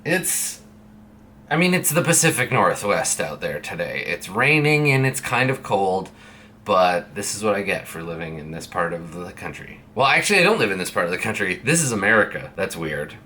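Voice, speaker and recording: A young Canadian vlogger talks casually to the camera, rambling through stories from a friend's streaming room and slipping into playful put-on voices for quoted dialogue. He has a deep voice with big pitch swings, a sharp tone, and a normal pace. His streaming setup mic picks up a little hiss or hum.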